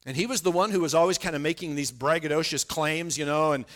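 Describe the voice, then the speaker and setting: A middle-aged man delivers a sermon in a relaxed, conversational way. His voice sits a little high for a man. He often stumbles over and repeats his opening words before he settles into a thought. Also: quick pace. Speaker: pastor.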